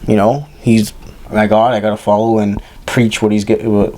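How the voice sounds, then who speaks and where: Podcast co-host, man in his twenties, animated chatty storyteller. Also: on the low side, moderate pace. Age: 20s. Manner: animated, acts out quoted voices, many fillers. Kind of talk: casual storytelling chat.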